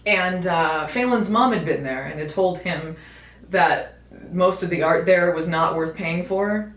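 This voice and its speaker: An American woman casually and wryly chatting to camera in a vlog, with many fillers. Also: fairly low pitch. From United States. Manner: chatty, wry, lots of fillers. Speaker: video host. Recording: echoey room.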